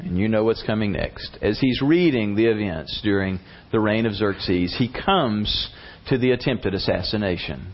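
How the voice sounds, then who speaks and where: A man preaching a sermon, retelling a story in an animated, conversational way. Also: fairly low pitch, normal speed. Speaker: pastor. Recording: dull lo-fi recording.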